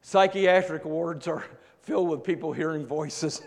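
A man preaching a sermon, shifting between loud emphatic lines and hushed low ones. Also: a little slow. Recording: long reverb of a large hall.

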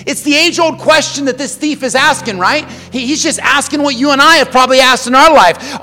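High, gravelly-voiced pastor preaching. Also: male voice, a little fast, hardly any pauses, big-room sound, soft background music. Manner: swings between loud passionate emphasis and hushed quiet delivery; repeats words when starting phrases. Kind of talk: sermon.

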